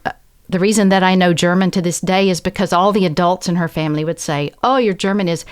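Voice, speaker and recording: A woman's voice: on the low side, fairly even intonation, fast talker, smooth. A woman with a Southern American accent, a podcast guest, telling a personal story in an earnest, reflective way and acting out the people she quotes. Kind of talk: conversational storytelling.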